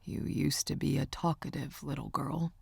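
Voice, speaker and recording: Low-voiced, soft-spoken uncle for an audiobook, a woman reading him, gravelly and dry. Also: steady tone, moderate pace, no echo, heavily acted. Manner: low, hushed and comforting. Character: gruff gentle uncle, older man, soft-spoken. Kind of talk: audiobook character voice.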